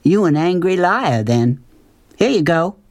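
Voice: medium pitch, sing-song, a little slow, no room sound, pitched above the performer's own voice. A reader voicing a tough, plain-spoken grown woman who works at a motel, talking in a blunt folksy way. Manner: blunt folksy dialect, teasing.

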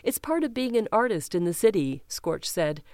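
A woman reads a news feature in a measured, steady way, voicing the quotes as plainly as the rest. Her voice is smooth and clear, recorded close and dry with no room sound. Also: mid-range voice, dry recording. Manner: measured, even, reads quotes without acting them. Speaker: reader of an audio-described news story. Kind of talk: scripted news narration with image description.

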